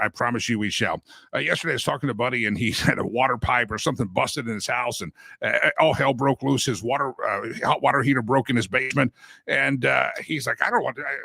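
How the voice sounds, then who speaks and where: A man's voice: mid-range voice, vocal fry, bright, forceful tone, husky, dry recording. A male talk show host on a live political show, ranting and getting worked up, then doing a folksy sponsor read. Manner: fiery, gets worked up, ranting.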